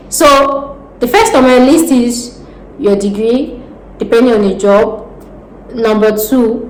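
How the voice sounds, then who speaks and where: A Nigerian woman with a Nigerian accent, giving casual job advice in a vlog, animated and laughing often as she talks with her hands. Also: medium pitch. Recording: roomy echo with faint background noise.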